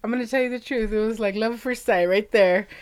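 A woman in casual chat, telling a lively story and laughing often. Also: a little high, quick pace.

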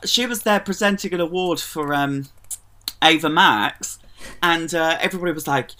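A man chatting as a guest, animated and giggly, telling stories with quoted voices. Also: fairly high pitch, moderate pace, slight background noise. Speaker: guest, drag performer. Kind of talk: casual chat.

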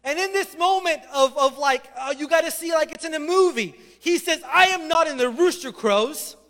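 A man preaching a sermon as a pastor, telling the story with animated energy and acting out the voices. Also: very high voice, normal speed, long reverb tail.

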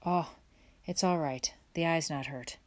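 A woman's voice: sits low, unhurried. A woman reading aloud and voicing a firm, practical farmer father giving plain instructions. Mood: reassuring.

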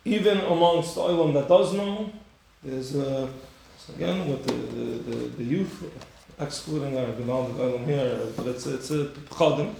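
A man giving a Torah class, animated and rhetorical, acting out the story with sudden high bursts. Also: unhurried, creaky, a little hiss or hum. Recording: very echoey room.

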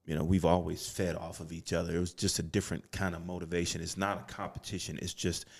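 Reflective middle-aged man, deep and gravelly. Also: flat delivery. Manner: reflective, halting with restarts. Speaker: podcast co-host. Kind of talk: casual chat. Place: studio.

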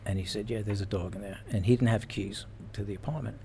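A man and former police officer telling stories in casual chat, animated and laughing as he goes. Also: fairly low pitch, fast talker, slight background noise. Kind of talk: casual storytelling.

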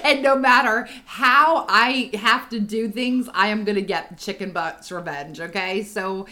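A woman's voice: mid-range voice, unhurried, bright, forceful tone. A middle-aged woman co-hosting a podcast, animatedly telling a family story and laughing along. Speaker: podcast co-host. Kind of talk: casual storytelling chat.

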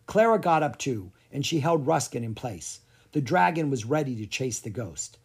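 A husky-voiced narrator reads a children's chapter book aloud. The pacing is slow and deliberate, with a hushed storytelling feel. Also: mid-range voice, expressive.

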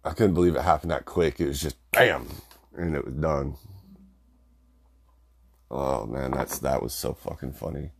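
A man's voice: a bass voice, normal speed, creaky, long pauses, breathy edge. A young man casually telling family stories, rambling, swearing and laughing as he goes. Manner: rambling, profane, laughs through his stories. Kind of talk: casual storytelling.

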